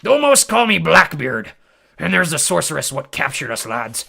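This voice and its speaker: A man voicing a gruff, brawny old pirate captain who growls and bellows in rough old-timey speech. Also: a little high, sing-song, moderate pace, sharp tone, voice pushed up, full character voice. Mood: blustering. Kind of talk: storybook reading.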